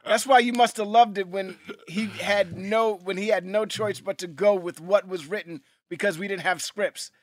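High-voiced man, laid-back and slangy. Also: fairly even intonation, moderate pace, few pauses, no echo. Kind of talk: casual chat.

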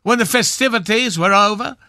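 A man's voice: sits high, bright, forceful tone, no echo, clean studio sound, exaggerated voice. A man playing a pompous, aging, knighted film swashbuckler as a guest on a radio comedy bit, with a grand, theatrical manner. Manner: grand, theatrical, drawn-out delivery.

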